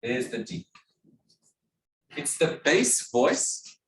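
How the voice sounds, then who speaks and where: A man's voice: on the high side, very animated, very slow, noisy background. A man giving a music theory lecture, patiently asking questions and answering them himself. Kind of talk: classroom lecture. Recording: echoey room, mic at a distance.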